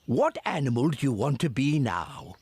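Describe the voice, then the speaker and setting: A man's voice: medium pitch, sing-song, moderate pace, darkish tone, a little hiss or hum, natural voice. An actor playing a jolly old grandfather pig in a cartoon, hearty and chuckling. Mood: playful. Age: older. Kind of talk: cartoon voice acting.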